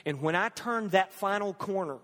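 Brief: middle-aged male storyteller, high tenor voice, very lively delivery dropping to whispers, echoey hall. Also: normal speed. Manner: animated, swings from loud to hushed whispers. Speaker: speaker telling a personal story. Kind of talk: dramatic storytelling talk.

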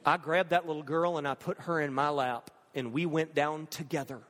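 A middle-aged father telling a dramatic personal story, swinging between loud bursts and hushed whispers. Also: a little high, steady tone, normal speed, long reverb tail.

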